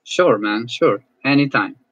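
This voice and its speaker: A male English teacher chatting casually as he closes an online class, friendly and halting, often repeating words. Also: medium pitch, animated, a bit bright, no room sound, low-quality recording.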